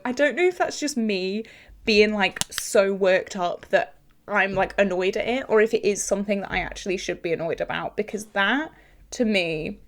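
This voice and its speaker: A young woman chatting casually to the camera while doing her makeup, telling a story in an animated, exclamatory way. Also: mid-range voice, normal speed. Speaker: beauty vlogger.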